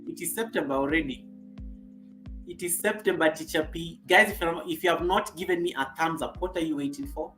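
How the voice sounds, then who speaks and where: A woman's voice: sits low, a little fast, a bit bright, faint music behind. Chatty Kenyan woman hosting a live stream. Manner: chatty, laughs often, repeats phrases. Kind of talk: casual live stream chat, reading viewer comments.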